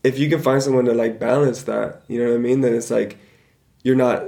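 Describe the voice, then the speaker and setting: A young man co-hosting a casual podcast, talking in a relaxed, rambling way with plenty of filler words. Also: medium pitch, fairly quick, creaky. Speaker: podcast co-host. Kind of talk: casual chat.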